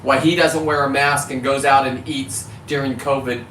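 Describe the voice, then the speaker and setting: Male fisherman vlogger from California, heated profane monologue, forceful bright tone, distant echoey mic. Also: mid-range voice, little pitch movement, normal speed. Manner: heated, profane, self-correcting about cussing. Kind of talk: ranting monologue to camera. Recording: echoey, distant mic with faint background noise.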